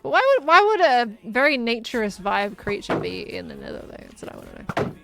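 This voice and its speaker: A woman's voice: on the high side, sing-song, brisk, vocal fry, background noise. A woman chatting casually and giggling as she thinks aloud while playing a game. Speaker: gaming streamer.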